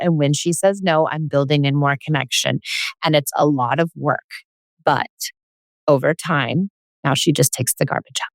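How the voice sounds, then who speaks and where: A woman's voice: on the low side, dry recording, clean studio sound. A woman hosting as a parenting coach, talking earnestly and directly and acting out little scenes with children. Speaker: parenting coach and podcast host. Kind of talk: coaching conversation.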